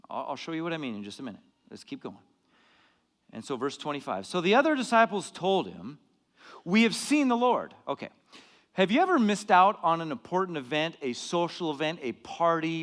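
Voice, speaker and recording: A man preaching a sermon as pastor, dramatic and lively, acting out quoted lines and getting louder for emphasis. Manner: dramatic, acts out quoted lines, rises in pitch and volume for emphasis. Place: church hall. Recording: long hall reverb.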